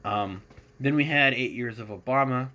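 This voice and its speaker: A man's voice: mid-range voice, normal speed, bright, forceful tone. A man hosting his own podcast, giving a casual, rambling, opinionated monologue with a sarcastic edge and plenty of fillers. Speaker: podcast host.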